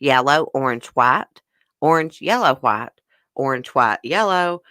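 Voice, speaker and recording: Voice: medium pitch, expressive, measured pace, sharp tone, smooth, no room sound. Chatty livestream host with a dry close sound. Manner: chatty, reads questions aloud and answers viewers in chat; talks while chewing a brownie. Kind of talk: casual livestream trivia chat.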